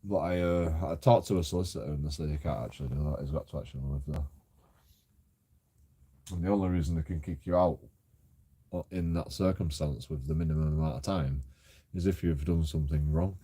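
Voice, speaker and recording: A young man telling a sweary, animated story about his landlord. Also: a bass voice, brisk, breathy edge. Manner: sweary, animated, mimics others, laughs often. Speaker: vlogger. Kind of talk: casual storytelling rant.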